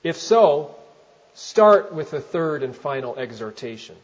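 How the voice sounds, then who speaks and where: Pastor guy preaching, kinda high voice, chatty, asks the crowd stuff, muffled lo-fi audio. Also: very animated, unhurried. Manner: conversational preaching with questions to the congregation. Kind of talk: sermon.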